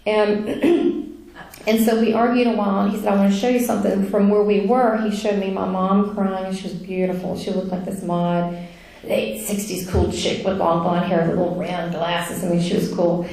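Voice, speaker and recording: Chatty woman recounting an experience; gravelly mellow tone, heavy room echo. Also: mid-range voice, normal speed. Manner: chatty and animated, many fillers, laughs while telling. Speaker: speaker sharing a near-death experience. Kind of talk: casual spoken testimony. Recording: very echoey room.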